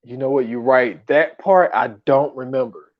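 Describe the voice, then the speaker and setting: A man's voice: medium pitch, normal speed. Laid-back man, slightly muffled. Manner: laid-back, heavy use of "like". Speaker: podcast co-host. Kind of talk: casual chat. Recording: slightly dull lo-fi sound.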